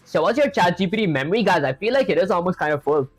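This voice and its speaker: A chatty streamer talks through code on a casual livestream. The speech is full of "like" and easy self-mockery, pitched right in the middle of the range. Soft music plays faintly underneath. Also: animated, fast, few pauses, breathy edge. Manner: chatty, filler-heavy, self-deprecating, addresses chat as "guys". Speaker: live-streaming programmer.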